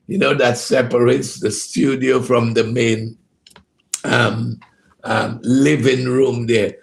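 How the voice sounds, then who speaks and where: A man's voice: medium pitch, flat delivery, takes it slowly, creaky. A man hosting a casual devotional program from a home studio, hesitant and full of fillers, greeting listeners by name and laughing heartily. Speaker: ministry program host. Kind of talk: casual devotional broadcast chat.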